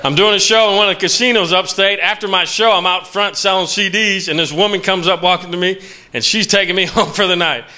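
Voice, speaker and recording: A man's voice: sits high, brisk, pushed and bright. A man from Virginia, doing a stand-up comedy set on a theater stage, chatting with and teasing the audience. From West Virginia. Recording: noisy live theater recording.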